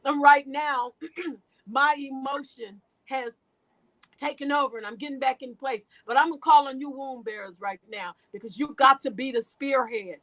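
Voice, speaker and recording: A woman's voice: sits high, moderate pace, a bit bright, low-quality recording. A woman guest speaking in an emotional, preachy way, often repeating and restarting her words. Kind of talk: impassioned spiritual talk.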